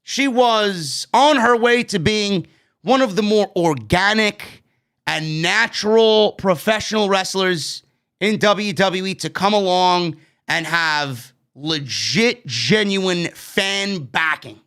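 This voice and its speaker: A man's voice: high voice, slow pace, fairly bright tone, clear, resonant tone. A man reviewing a wrestling show in a casual, blunt way, swearing freely and sounding exasperated at what he dislikes. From New York. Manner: blunt, profane, exasperated commentary.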